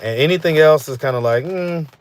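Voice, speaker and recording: A man's voice: on the high side, a little fast, slight background noise. Easygoing man rambling on a live stream. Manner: loose and rambling, full of fillers like "you know what I'm saying". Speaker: host of a street interview channel. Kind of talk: casual live-stream chat, reading viewer comments.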